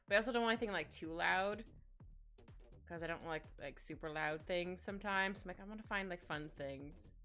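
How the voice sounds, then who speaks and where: A woman chatting casually while she draws on a live stream, rambling and giggly, with many little asides. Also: fairly low pitch. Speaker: digital artist streaming her drawing. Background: soft background music.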